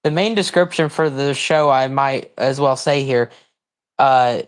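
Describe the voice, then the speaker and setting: A livestream host gives casual, rambling commentary on a wrestling broadcast, breaking into excited outbursts and confused reactions. His voice is medium in pitch, and his pace is unhurried.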